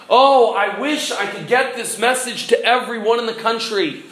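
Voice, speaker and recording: High-voiced preacher in an echoey hall. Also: male voice, moderate pace, few pauses, fairly bright tone. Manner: earnest, exhorting, asks the congregation questions. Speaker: pastor. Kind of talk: sermon.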